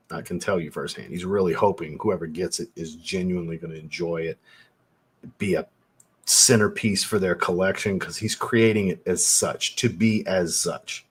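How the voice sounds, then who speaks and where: Husky, low-voiced man chatting on a livestream. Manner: laid-back, swears freely, laughs often. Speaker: fragrance reviewer and channel host. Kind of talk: casual livestream chat answering viewers.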